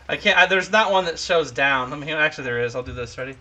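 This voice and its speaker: Bright-voiced man running a tabletop game. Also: medium pitch, normal speed. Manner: chatty, laughs often. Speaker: game master. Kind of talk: casual tabletop game narration. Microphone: home streaming mic.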